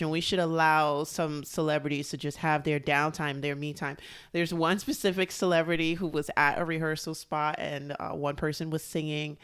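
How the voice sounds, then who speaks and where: A podcast co-host with a smooth, clear voice at a middle pitch, talking in casual chat. They mostly back up the other host with short agreements, then tell an anecdote of their own. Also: a bit bright. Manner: supportive listener, short agreements and laughter.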